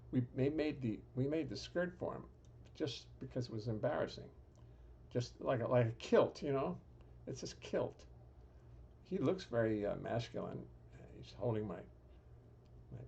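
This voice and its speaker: A man's voice: mid-range voice, creaky, darkish tone, breathy edge, highs cut off. A man hosting a live stream from his home music studio, chatting casually with dry humor and rambling restarts. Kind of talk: casual chat.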